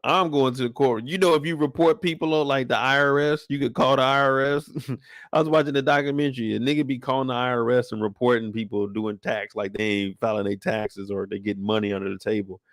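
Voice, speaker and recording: A man's voice: fairly even intonation, fast, fairly bright tone, dry recording. Slangy joking young man, dry close sound. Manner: loose and joking, slangy, breaks into high falsetto singing. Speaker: streamer host. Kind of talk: casual live-stream chat.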